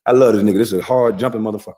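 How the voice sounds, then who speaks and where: A man's voice: on the low side, steady tone, very fast, mellow. A man, heard in a played clip, casually telling boastful, rambling stories with heavy profanity. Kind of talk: casual storytelling.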